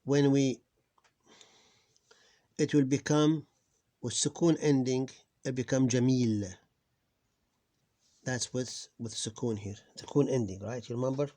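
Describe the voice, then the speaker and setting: A man teaching an informal recorded lesson on reading, patiently repeating words slowly and often correcting himself, sounding tired. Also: medium pitch, mellow.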